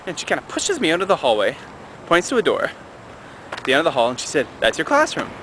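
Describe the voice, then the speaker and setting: A young man in a vlog telling a personal story in a casual, animated way, acting out the dialogue. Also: quick pace, noisy background. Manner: animated, acts out dialogue with raised pitch.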